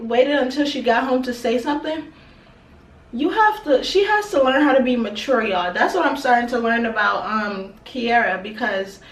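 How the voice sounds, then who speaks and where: A woman's voice: sits high, distant mic. A woman hosting a reality TV reaction video, chatting with viewers in an exasperated, gossipy way. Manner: chatty, exasperated, keeps addressing viewers as y'all. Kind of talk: casual reality TV reaction commentary. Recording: echoey room, voice off-mic.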